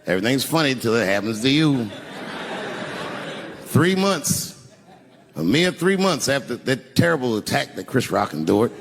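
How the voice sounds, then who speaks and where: Animated man doing stand-up, echoey hall. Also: medium pitch, normal speed, gravelly, pauses often. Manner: animated, profane, punches up lines with shouts. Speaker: stand-up comedian. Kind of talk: stand-up storytelling. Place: stage in a large venue. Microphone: handheld microphone. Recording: echoey live venue.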